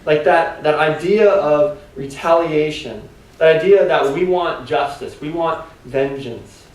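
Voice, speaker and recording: In a church sanctuary, a pastor with a slightly high voice preaches a sermon a little slowly, speaking loosely and conversationally with plenty of "like" and "kinda" and posing rhetorical questions to the congregation. The mic sits at a distance, so the hall sounds echoey.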